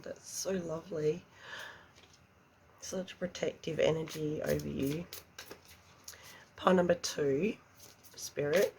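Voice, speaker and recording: A woman reads tarot cards in a slow, hushed voice with a gravelly edge, often dropping close to a whisper. She talks slowly and with feeling. A faint hum of room noise sits behind her. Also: sits low. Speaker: tarot reader. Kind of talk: slow, soft tarot reading.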